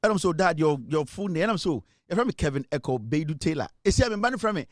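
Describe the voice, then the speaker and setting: Man, Ghanaian accent, middle-aged, fairly high voice, dry close sound, animated livestream storytelling. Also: rapid-fire, few pauses, dry recording. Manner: animated storyteller who mixes Twi and English and laughs often. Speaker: host of a live online political show. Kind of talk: lively livestream commentary.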